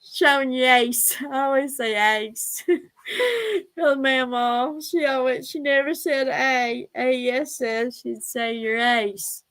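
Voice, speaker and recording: A woman's voice: sits high, steady tone, slow pace, fairly bright tone, clean tone, low-quality recording. A woman hosting a casual livestream, chatty, laughing often and fondly scolding her pets. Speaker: livestream host.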